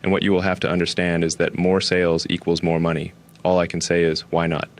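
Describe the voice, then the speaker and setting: A man playing a smug, careless tech billionaire in a comedic interview sketch, speaking in a flat, offhand deadpan. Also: deep voice, brisk.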